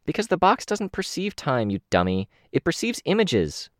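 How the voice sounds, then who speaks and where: A man voicing a bossy, teasing young teenage girl in an audiobook, impatient and bright. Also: fairly high pitch, huge pitch swings, moderate pace, dry recording, studio quality, voice pushed up.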